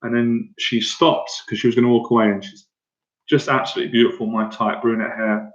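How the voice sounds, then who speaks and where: An Irish man in his thirties, a confidence coach talking casually to viewers on a livestream, excitable and rambling with lots of fillers and restarts. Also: mid-range voice, fairly quick. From Ireland. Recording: echoey room, dull lo-fi sound.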